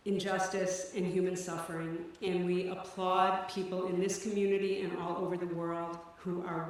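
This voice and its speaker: A woman directing a teen services program, giving an earnest, measured speech at a benefit event on stage. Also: lowish voice, a little hiss or hum. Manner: earnest, measured, slightly breathless delivery. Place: event stage in a large hall. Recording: echoey hall from far off.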